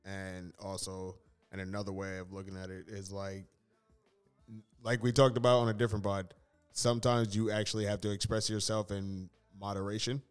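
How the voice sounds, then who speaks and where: A man co-hosting a podcast in casual chat, laid-back and profane, who mimics others in a high squeaky voice. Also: flat delivery, normal speed, clean tone, faint music behind. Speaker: podcast co-host.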